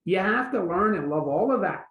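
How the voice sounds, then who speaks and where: A Scottish man with a fairly high, gravelly voice talks as a guest in an echoey room. He speaks casually and animatedly, slipping into short acted-out quotes. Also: brisk, phone-quality sound. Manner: animated, acts out little quotes. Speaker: author and guest. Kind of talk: casual conversation.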